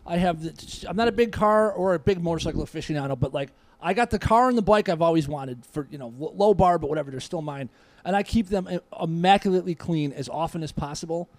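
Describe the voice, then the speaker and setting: A man in his forties chatting as a podcast guest, his voice pitched high for a man and his words rushing out quickly. He tells stories animatedly, swearing freely, with plenty of casual energy. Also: dry recording. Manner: animated, profane storytelling.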